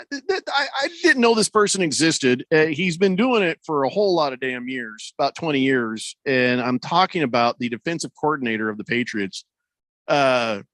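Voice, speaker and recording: Man, sports radio host, high voice, very animated, jokey wordplay, dry studio sound. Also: no room sound. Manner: playful, riffing on wordplay. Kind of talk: casual sports talk.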